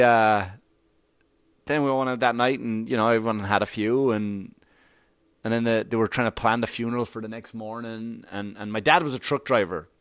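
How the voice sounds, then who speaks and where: A man with an Irish accent and a lowish voice tells rambling, profane anecdotes in casual conversation, laughing often along the way. There's no room sound in the recording.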